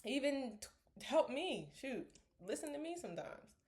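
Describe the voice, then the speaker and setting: A young woman vlogging to camera in an earnest, rambling way, stopping to sip a smoothie and sometimes dropping to a whisper. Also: sits high, big pitch swings, moderate pace, darkish tone. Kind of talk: casual motivational talk to camera.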